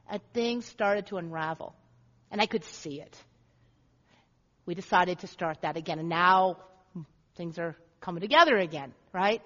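A woman pastor with a high voice preaches in a church sanctuary, earnest and leaning on repeated phrases. The sound carries a long hall echo. The recording is dull and lo-fi. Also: a bit bright. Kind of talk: sermon.

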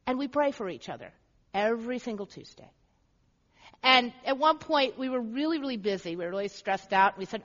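A woman pastor with a high voice preaches in a church sanctuary, earnest and leaning on repeated phrases. The sound carries a long hall echo. The recording is dull and lo-fi. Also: lively intonation, fairly quick, a bit bright. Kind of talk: sermon.

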